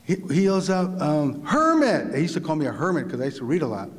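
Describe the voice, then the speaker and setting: A man, a visiting writer, telling a story to a live audience in a university lecture hall, animated and full of restarts. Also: on the high side, fast talker. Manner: vivid, animated retelling with repeated restarts.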